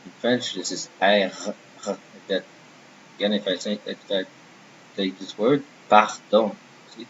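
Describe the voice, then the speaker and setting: A man teaching a French lesson, slowly and deliberately pronouncing letters and repeating sounds for learners. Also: fairly low pitch, fairly even intonation. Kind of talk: patient language lesson. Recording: dull lo-fi sound with faint hiss.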